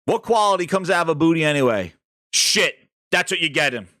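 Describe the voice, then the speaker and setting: High, bright-voiced ranting male streamer. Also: lively intonation, a little fast, no echo, clean studio sound. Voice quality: profane, mocking. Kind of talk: ranting game commentary.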